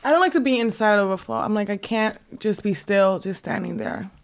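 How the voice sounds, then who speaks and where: A woman's voice: medium pitch, brisk, clear, resonant tone. A woman recounting events enthusiastically in a casual comedy chat. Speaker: comedian podcast guest.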